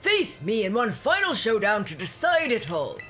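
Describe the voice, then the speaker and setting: A woman's voice: fairly high pitch, huge pitch swings, normal speed, fairly bright tone, faint music behind. A woman voicing a theatrical male academy director who turns out to be the villain, reading game dialogue aloud in a hammy, grandiose way.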